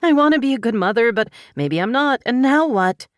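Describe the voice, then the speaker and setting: A woman's voice: lowish voice, animated, moderate pace, no echo, clean studio sound, lightly acted. A woman narrating an audiobook voices an anxious, emotional single mother, speaking with a tearful, pleading lift. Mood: distraught. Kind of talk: audiobook character voice.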